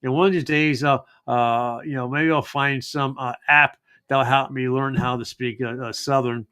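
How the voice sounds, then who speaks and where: Hosting a genealogy livestream, this middle-aged man from the United States has a mid-range, steady, smooth voice that sounds pushed and bright, at a moderate pace. He chats casually and rambles, often using fillers and starting over.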